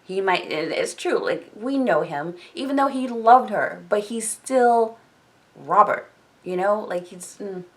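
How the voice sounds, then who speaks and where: A woman's voice: medium pitch, animated, unhurried. A woman casually recapping a book on her vlog in a chatty manner, with many filler words. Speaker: book discussion vlogger.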